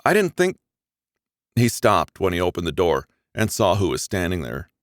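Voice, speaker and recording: Male audiobook narrator, low and animated, dry close sound, expressive first-person romance reading. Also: normal speed, dry recording.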